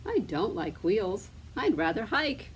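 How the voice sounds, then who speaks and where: A woman's voice: medium pitch, very animated, slight background noise. A woman doing a stubborn storybook squirrel. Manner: slow, firm, drawn-out refusals. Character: contrary, stubborn male squirrel.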